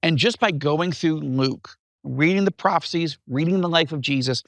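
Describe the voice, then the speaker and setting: A man in his fifties from upstate New York, telling his life story as an interview guest in an animated way. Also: on the high side, moderate pace, creaky, dry recording. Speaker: guest author.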